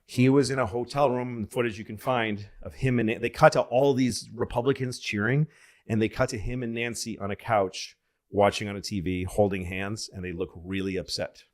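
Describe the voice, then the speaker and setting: A man's voice: fairly low pitch, normal speed. A middle-aged man from Massachusetts telling stories in casual podcast chat, acting out the voices of the people he quotes. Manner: animated storyteller, acts out quoted voices.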